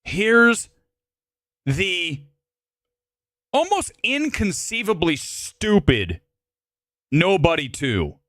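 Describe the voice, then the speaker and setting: A man's voice: high-pitched, sing-song, drawn-out words, long pauses, a bit bright, no room sound. A man hosting a live movie review stream, ranting furiously and swearing about a film. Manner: furious, swearing, exaggerated outbursts.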